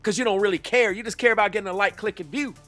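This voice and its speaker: A man's voice: sits high, very fast, a bit bright, no echo, faint music behind. A man giving heated reaction commentary, confrontational and full of rhetorical questions. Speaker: YouTube commentator.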